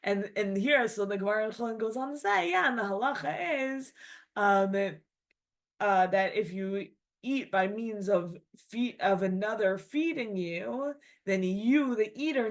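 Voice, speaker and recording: Chatty woman teaching an old text. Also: mid-range voice. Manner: reads Aramaic then explains in loose, chatty English with many "like"s. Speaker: Torah teacher. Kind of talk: casual text-study lesson.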